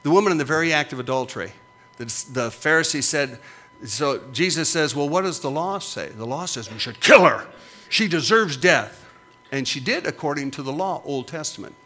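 A man's voice: fairly high pitch, lively intonation, moderate pace, pushed and bright. A middle-aged man preaching as a pastor, with emphatic, punchy repetitions that rise and fall. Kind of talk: sermon.

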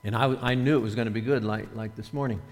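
A man's voice: fairly low pitch, steady tone, fast. Male preacher in a reverberant hall. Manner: conversational, repeats words, acts out quoted voices. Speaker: pastor. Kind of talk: sermon. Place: church.

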